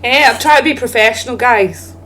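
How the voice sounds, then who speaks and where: A woman's voice: on the high side, a little fast, a bit bright, slight background noise. A woman doing chatty, giggly, self-mocking commentary while streaming a game. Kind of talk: playful let's-play commentary.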